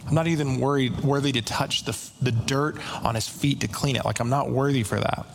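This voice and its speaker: A man preaching a conversational sermon, retelling scripture in everyday slang with quick asides. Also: mid-range voice, gravelly, a little hiss or hum.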